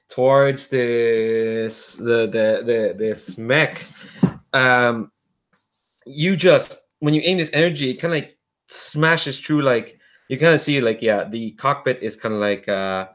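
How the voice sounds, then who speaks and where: A man's voice: medium pitch, takes it slowly, fairly bright tone. A man narrating as a tabletop game master, rambling and filling with "kinda" and "like".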